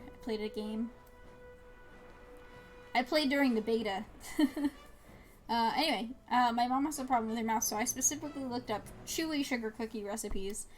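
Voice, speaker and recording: A young woman chats away while she streams a game, rambling from one thought to the next with fillers and small laughs. Her voice sits a little high, and faint game music runs underneath. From New Jersey. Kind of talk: casual chat while gaming.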